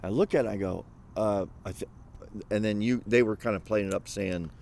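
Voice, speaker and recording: A man's voice: lowish voice, brisk, gravelly, a little mellow, slight background noise. An older man telling a story in a casual, rambling way, full of fillers and restarts, recorded outdoors in a parking lot. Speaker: vlogger.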